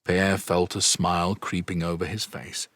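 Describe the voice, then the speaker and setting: A man narrating a fantasy audiobook in a steady, even storytelling manner. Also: low voice, moderate pace, no room sound. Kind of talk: scripted narration.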